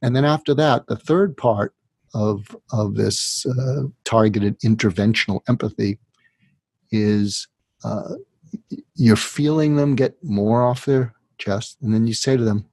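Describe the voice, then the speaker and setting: A man's voice: mid-range voice, unhurried, darkish tone, dry recording. A man, a psychiatrist, being interviewed, who explains his method step by step and now and then acts out what a troubled patient might say. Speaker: psychiatrist guest.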